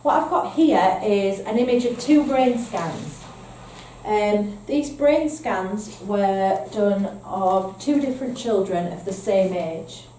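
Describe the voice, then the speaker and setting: A woman's voice: medium pitch, expressive, slow pace, dark tone, slight background noise. Northern English woman training foster carers. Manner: explanatory, repeats points with rhetorical "okay?". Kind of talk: training presentation. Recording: echoey room, mic at a distance, faint ambience.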